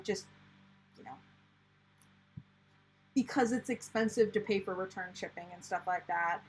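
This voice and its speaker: Young American woman, casual live-stream host, loose and rambling delivery, slightly high voice. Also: husky, rough recording. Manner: chatty, rambling, many fillers and restarts. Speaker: planner channel host. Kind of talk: casual live-stream chat reading viewer comments.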